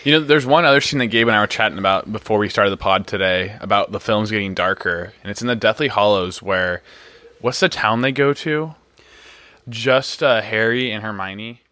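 A man's voice: on the low side, moderate pace, pushed and bright, no echo. A man co-hosting a casual podcast, chatting in an easygoing way. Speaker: podcast co-host. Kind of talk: casual chat.

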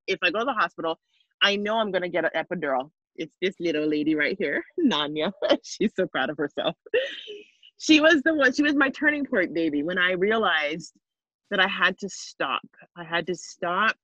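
Interview guest, woman; earnest, emotional storyteller with restarts; slightly low pitch, dull dry recording. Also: a bit bright, no echo. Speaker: interview guest, mother of five. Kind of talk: personal story in conversation.

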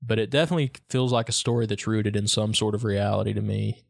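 This is a man co-hosting a podcast in loose, casual chat. His voice sits somewhat low, and he jokes easily and often leaves sentences unfinished. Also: steady tone, quick pace, gravelly. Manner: easygoing, joking, trails off mid-sentence. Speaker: podcast co-host.

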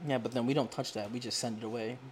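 Young woman guest, casual profane storyteller, animated quotes. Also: extremely low pitch, quick pace, crowd noise. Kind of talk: casual chat.

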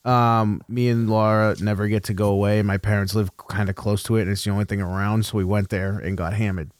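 A man's voice: fairly low pitch, little pitch movement, brisk, no room sound. Man, casual chat, rambling storyteller, laughs often, dry close sound. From New England. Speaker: podcast co-host.

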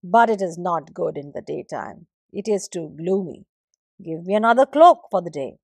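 A woman telling a story and voicing the sky, an old father figure who loudly complains to his son. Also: fairly low pitch, expressive, moderate pace, slightly rough, no room sound. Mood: complaining. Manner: loud, aggrieved complaining.

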